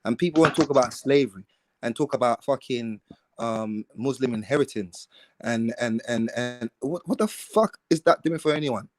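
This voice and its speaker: A man's voice: medium pitch, normal speed. A man, rambling with lots of fillers and slang in a panel discussion.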